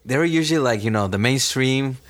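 A man's voice: medium pitch, fairly quick. A man in a casual chat, agreeable and often chiming in with "yeah".

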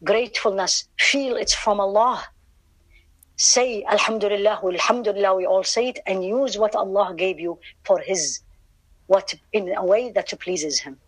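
A woman's voice: mid-range voice, moderate pace, low-quality recording. A woman giving a religious lecture, earnest, repeating key words for emphasis. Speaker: Islamic lecturer. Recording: online class session.

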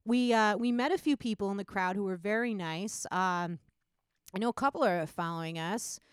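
A woman co-hosting a podcast, telling stories in casual chat and acting out quotes in a higher voice. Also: normal speed, clear, resonant tone, no room sound, clean studio sound. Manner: chatty storyteller, acts out quotes with a jump in pitch. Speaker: podcast co-host.

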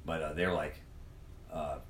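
A man's voice: very deep voice, little pitch movement, normal speed, a little hiss or hum. A man telling a long, profane, rambling story in casual chat, acting out the other people's lines. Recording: echoey room, mic far off.

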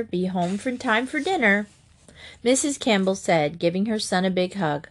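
A woman reading a children's storybook aloud, gently voicing the characters as she goes. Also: fairly low pitch. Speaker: storybook reader.

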